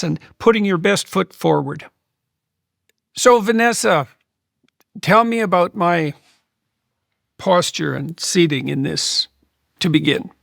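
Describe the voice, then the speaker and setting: A man in his sixties hosting a long-form interview, speaking in a measured, thoughtful way with halting restarts. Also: high voice, vocal fry, a bit bright, no room sound, clean studio sound. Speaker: podcast host.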